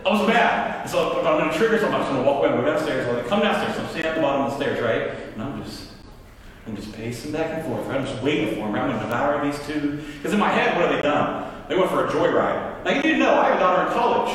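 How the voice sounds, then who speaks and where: Animated preacher in an echoing hall. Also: male voice, a little high, fast talker, a little hiss or hum. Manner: animated, acts out his own anger in quoted lines. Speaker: pastor. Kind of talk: storytelling sermon. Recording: roomy hall, mic at a distance.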